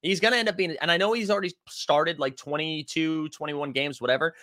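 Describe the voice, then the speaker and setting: Bright-voiced man hosting a live stream. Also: fairly high pitch, brisk, no echo, clean studio sound. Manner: loose and rambling, many fillers and restarts. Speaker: livestream host. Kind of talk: casual live stream chat.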